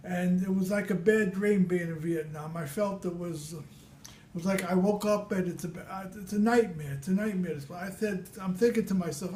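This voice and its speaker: Speaking at a moderate pace in a high, slightly mellow voice, this older Brooklyn man recounts his war experiences casually. He keeps restarting and repeating himself, and the echoey room carries slight background noise.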